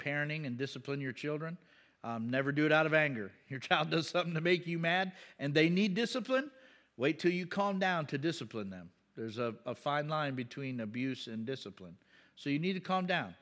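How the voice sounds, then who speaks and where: A man preaching a conversational sermon, asking the congregation questions and breaking into loud, emphatic bursts. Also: on the high side, expressive, brisk. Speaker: pastor.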